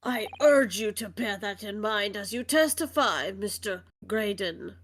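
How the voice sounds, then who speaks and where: A woman voicing a stern elderly male judge in a fan voice-acted game stream, with formal, solemn, drawn-out pronouncements. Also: mid-range voice, animated, poor audio. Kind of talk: amateur voice acting on a stream.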